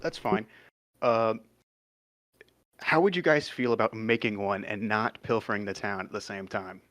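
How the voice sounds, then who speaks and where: A man's voice: on the low side, normal speed, fairly bright tone. A man playing a tabletop game who speaks casually and a bit hesitantly, often swearing. The sound is dry and close, with no room echo. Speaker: player. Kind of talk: in-character tabletop play.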